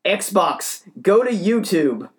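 Podcaster playing an irate neighbor guy, loud high garbled yelling. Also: big pitch swings, measured pace, exaggerated voice. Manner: screaming, garbled babble. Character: angry neighbor man yelling gibberish at a game console.

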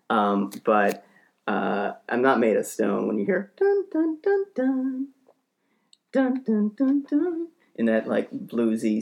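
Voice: medium pitch, gravelly, a little mellow. A podcast co-host telling a comic story in a rambling, profane, self-deprecating way.

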